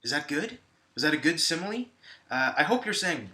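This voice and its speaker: A male high school English teacher giving a recorded video lesson, talking to viewers in a conversational way with frequent fillers. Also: very animated, brisk, pushed and bright.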